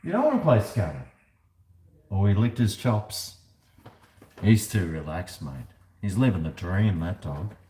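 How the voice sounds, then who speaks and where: A man's voice: deep voice, very animated, measured pace, pauses often, warm tone. A man with an Australian accent chatting casually on a livestream, rambling with jokey asides and talking to his dog. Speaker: livestream host. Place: house, indoors and on a balcony. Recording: echoey room with faint background noise.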